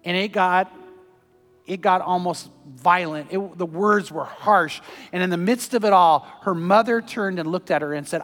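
A man preaching a sermon, telling a story earnestly and moving between loud urging and hushed, tender passages. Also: high voice, moderate pace, big-room sound, faint music behind. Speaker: pastor.

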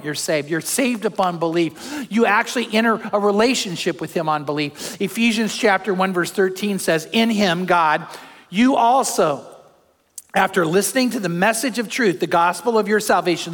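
An older man, a pastor, preaching a sermon in a church, telling stories with animated shouts. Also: high voice. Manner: animated storytelling, acts out crowd shouts. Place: church sanctuary. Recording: long hall reverb.

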